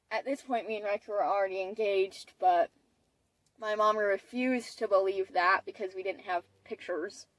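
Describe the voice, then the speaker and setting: A woman's voice: mid-range voice, fairly even intonation, moderate pace, dry recording, poor audio. A woman of about twenty telling a personal story in a chatty way, with many fillers and restarts. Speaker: vlogger. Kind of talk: casual storytelling.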